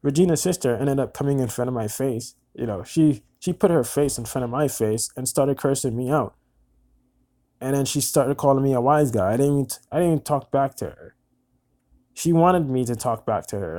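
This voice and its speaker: A man in his twenties telling a personal story in a halting, earnest way, often repeating words. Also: medium pitch, mellow. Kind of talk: personal monologue recounting events.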